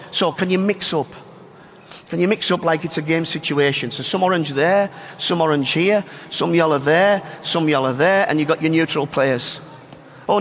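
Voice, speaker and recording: Male coach running a drill, high voice, echoing space. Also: a bit bright, slight background noise. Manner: directive, addresses players and coaches by turns. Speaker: soccer coach. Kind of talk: live coaching demonstration.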